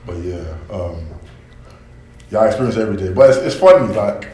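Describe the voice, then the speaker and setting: A young man in his twenties with a London accent talks in relaxed slang and laughs often. His voice is fairly low. It rings in an echoey room with a faint hum of background noise. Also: a little fast. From United Kingdom. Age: 20s. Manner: slangy, animated, laughs a lot. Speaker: guest. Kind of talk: casual chat. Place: campus room.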